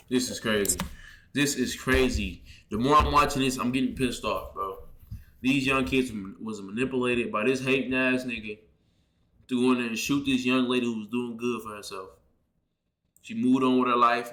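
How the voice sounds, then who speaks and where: A man's voice: mid-range voice, fairly bright tone, echoey room. A man hosting a reaction video, giving blunt, heated commentary in street slang. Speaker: reaction channel host.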